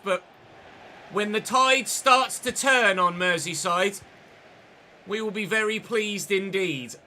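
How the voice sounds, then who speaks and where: A man's voice: sits high, pushed and bright, a little hiss or hum. A man live-streaming a football game, giving play-by-play commentary with chatty asides to viewers. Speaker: gaming streamer.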